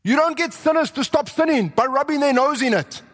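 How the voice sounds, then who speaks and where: High-voiced preacher in a reverberant hall. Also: male voice, brisk. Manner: animated storytelling, acting out voices. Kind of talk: sermon.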